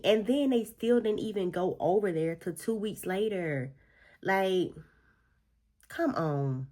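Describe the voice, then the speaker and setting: A woman's voice: fairly low pitch, animated, takes it slowly. A woman vlogger chatting through a book review while doing her makeup, telling the story expressively with slangy asides.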